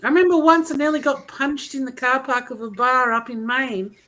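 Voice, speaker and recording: A woman's voice: high-pitched, fairly even intonation, brisk, sharp tone, slight background noise, rough recording. A woman with an Australian accent, a guest author chatting casually on a podcast and laughing easily.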